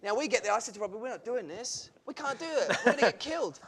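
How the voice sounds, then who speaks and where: A man with a fairly high voice tells comic anecdotes, laughing as he goes. A studio audience can be faintly heard behind him on a live talk show. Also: quick pace, crowd noise. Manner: animated storyteller, laughs through his tales. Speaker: comedian guest.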